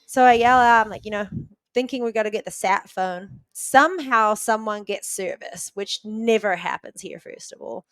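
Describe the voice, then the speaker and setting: A woman's voice: mid-range voice, normal speed, fairly bright tone, clear, resonant tone, dry recording. A woman guest on a podcast vividly retelling a story, with lots of "like" fillers. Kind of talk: conversational storytelling.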